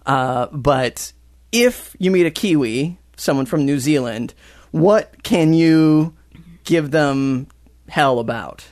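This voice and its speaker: A man's voice: fairly high pitch, takes it slowly, a little mellow, no echo, clean studio sound. An American man with an American accent, hosting a casual chat, asking rambling, joking questions. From United States.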